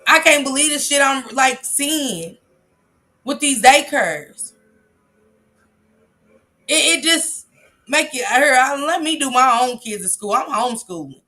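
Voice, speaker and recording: A woman hosts a casual livestream, reading out viewer comments and reacting with blunt, emphatic remarks. Her voice is pitched a little high and has a sharp, bright edge. She laughs often and swears freely. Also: lively intonation, a little slow, pauses often.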